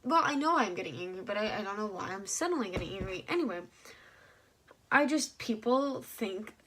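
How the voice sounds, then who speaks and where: A young woman vlogging to her channel, animated and rambling with many fillers, heated and frustrated. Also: medium pitch, brisk. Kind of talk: casual ranting vlog.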